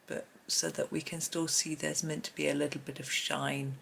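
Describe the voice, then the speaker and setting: Woman, middle-aged, narrates colouring in a soft half-whisper, low and gravelly, faint room hiss. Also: flat delivery, moderate pace. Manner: soft-spoken, often half-whispering, chatty with small laughs. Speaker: colouring tutor. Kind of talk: casual narrated drawing tutorial.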